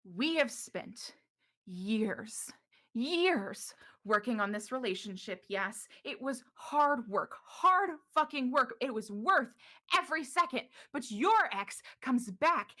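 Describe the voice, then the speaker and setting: A woman's voice: sits high, big pitch swings, pushed and bright, pitched above the performer's own voice, heavily acted. A woman playing Morrow, a hurt, accusing partner. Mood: bitter, accusing. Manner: slow, pressing and accusing. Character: woman in a heated argument with her partner. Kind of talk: acted dialogue in a tabletop game.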